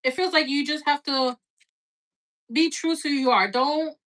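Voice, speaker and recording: A woman with a slightly high voice hosts a relaxed live tarot reading. She talks in a loose, rambling way, filling gaps with "like" and "right?" and swearing casually now and then. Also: moderate pace. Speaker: tarot reader.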